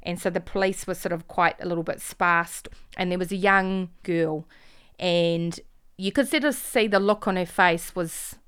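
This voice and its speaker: A woman, a mother, giving an earnest, emotional eyewitness account that often drops quiet. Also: on the low side, smooth. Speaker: mother recounting a protest.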